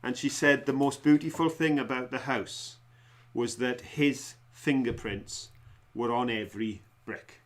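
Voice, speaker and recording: A man's voice: mid-range voice, fairly even intonation, unhurried. A man co-hosting a casual live stream, joking around, telling anecdotes and asking quiz questions. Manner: jokey, storytelling, quizmaster.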